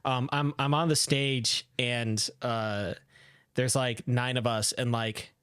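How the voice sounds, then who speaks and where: A man's voice: mid-range voice, slow pace, clean tone, no room sound, clean studio sound. A man co-hosting a podcast, chatting casually and acting out voices as he tells stories. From Ohio. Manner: animated, acts out voices in stories. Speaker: podcast co-host. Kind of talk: casual chat.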